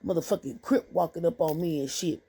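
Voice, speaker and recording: Woman, storytime, gravelly, husky, dark tone, swearing, animated. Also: fairly low pitch, a little fast. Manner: profane, animated, slangy storytelling. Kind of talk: casual storytime.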